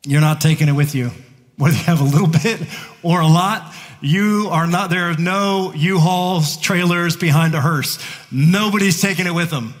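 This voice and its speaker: A man's voice: on the high side, normal speed. A man preaching a sermon to his congregation, talking in a playful, conversational way and chuckling between points. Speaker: pastor. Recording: long reverb of a large hall.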